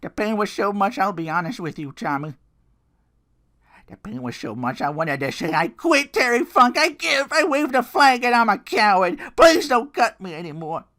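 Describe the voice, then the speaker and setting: A man voicing a grizzled wrestler who delivers a theatrical promo that swings between shouts and hushed lines. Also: high voice, big pitch swings, normal speed, voice pushed up, heavily acted. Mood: dramatic. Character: grizzled male wrestler cutting a dramatic promo.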